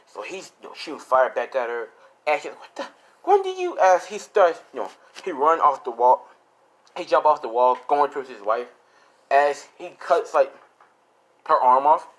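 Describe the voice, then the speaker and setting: A man's voice: mid-range voice, moderate pace, rough recording. Young guy making up a fan story on the fly, rambly, loose, swears a lot. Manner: rambling, loose and casual with lots of fillers and swearing. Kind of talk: improvised fan-fiction storytelling.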